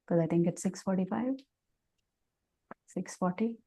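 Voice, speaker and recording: A woman speaker giving a devotional class on a video call, telling a sacred story in an animated way, then teaching reflectively. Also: fairly low pitch, a little slow. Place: online class session.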